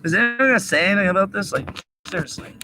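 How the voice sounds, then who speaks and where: A man's voice: high-pitched, animated, fast, background noise. A young man ranting profanely into a laptop webcam during a rambling livestream, agitated and cursing. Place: indoors at a laptop. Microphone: laptop webcam mic.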